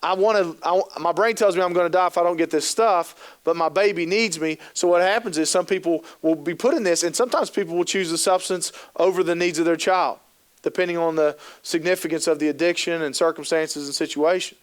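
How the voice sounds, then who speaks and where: A man's voice: fairly high pitch, steady tone, fairly quick. A man giving a talk at a training session, telling stories with animation, acting out quoted thoughts and asking the audience rhetorical questions. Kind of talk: conference talk.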